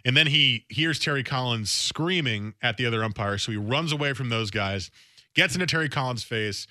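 Bright, dry-voiced male sports radio host. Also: medium pitch, moderate pace, no room sound. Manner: conversational, animated, often restarts phrases. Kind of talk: casual sports talk radio monologue. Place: radio studio.

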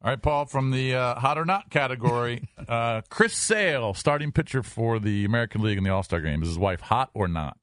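A man co-hosting a sports radio show who jokes and laughs through the quiz. His voice is mid-pitched but moves around a lot, and the sound is dry and close. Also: lively intonation, fairly quick, few pauses, fairly bright tone, no room sound. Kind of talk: casual sports radio banter.

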